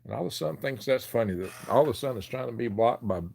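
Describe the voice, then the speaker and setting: A man's voice: mid-range voice, expressive, fast talker, gravelly, darkish tone, slight background noise. An older man with a Southern US accent chats casually with viewers on a livestream. His talk is folksy and easygoing, and he breaks into chuckles often. He speaks into a phone held in his hand. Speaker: livestream host. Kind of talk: casual live chat. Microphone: handheld phone.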